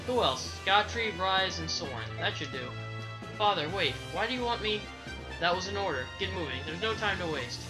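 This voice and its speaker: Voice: mid-range voice, animated, normal speed, natural voice, rough recording. A let's play commentator voicing a stern veteran mercenary commander who gives curt orders, with game music playing behind. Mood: commanding.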